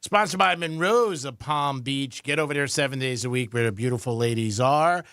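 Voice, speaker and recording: A man's voice: medium pitch, moderate pace, fairly bright tone, dry recording. A man co-hosting a radio show, running through sports scores in an upbeat, chatty way with "uh" fillers, at a studio mic. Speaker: radio co-host doing sports updates. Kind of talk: casual radio sports rundown. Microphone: studio microphone.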